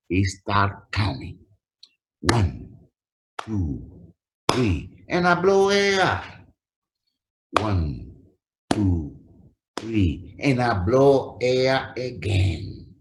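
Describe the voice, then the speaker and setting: Lively man telling his story. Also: lowish voice, slight background noise. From Puerto Rico. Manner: emotional storyteller, repeats phrases for emphasis. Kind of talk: personal testimony on a webinar. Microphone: video call.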